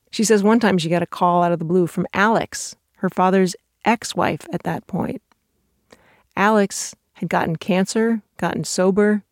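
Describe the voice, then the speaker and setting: A woman host narrating a scripted documentary story in a measured, even way. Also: lowish voice, dry recording, studio quality. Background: guitar music.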